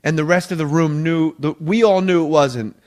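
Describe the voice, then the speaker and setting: On a casual podcast, a man with a slightly high voice speaks at a normal speed. He tells animated anecdotes full of swearing about his time as a sketch comedy writer, acting out the quotes.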